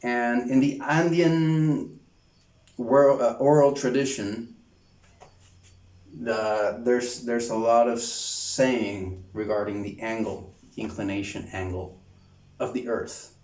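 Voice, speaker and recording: Male lecturer, slow halting delivery full of restarts, echoey room, mic at a distance. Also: medium pitch, fairly even intonation, darkish tone. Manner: halting, many restarts and repeated words. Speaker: course lecturer. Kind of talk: online lecture. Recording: roomy sound from a distance.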